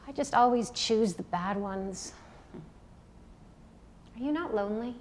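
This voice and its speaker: A blunt, outspoken actress roommate, played by a woman on stage. She talks in a plain, slightly high voice and tells people exactly what she thinks. Her delivery is bossy and direct. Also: a little slow, a little hiss or hum, natural voice. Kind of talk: stage play.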